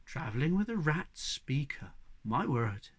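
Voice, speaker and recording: A man reading a storybook voices a mysterious tall woman warrior who talks slowly and low, with unhurried amusement. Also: very animated. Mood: cool.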